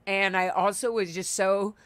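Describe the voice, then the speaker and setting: Chatting casually over a video call, a young adult woman who hosts a podcast shares a candid, emotional personal story riddled with fillers and restarts. She talks at a moderate pace in a steady, mid-range, slightly bright voice with no echo.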